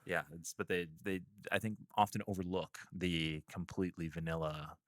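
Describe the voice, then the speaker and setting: A man's voice: low voice, fairly even intonation, moderate pace, a bit bright, no room sound, studio quality. A Midwestern American man co-hosting a podcast, laid-back and agreeable. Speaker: podcast co-host. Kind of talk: casual podcast chat.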